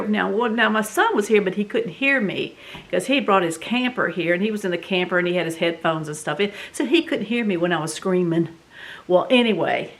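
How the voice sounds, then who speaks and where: A middle-aged woman with a Southern US accent tells a story in a casual, animated, dramatic way, full of fillers. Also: medium pitch. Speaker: vlog host.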